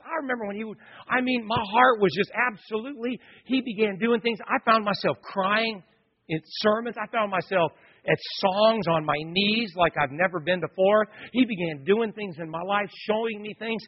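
A man's voice: high voice, moderate pace, breathy edge, dull audio. A man preaching a sermon, telling personal stories with joking asides to the congregation. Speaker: pastor.

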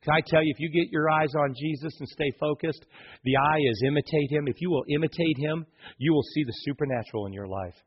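A male pastor preaching a sermon, telling stories with animated swings between hushed and loud delivery. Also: fairly high pitch, fast talker, husky, highs cut off.

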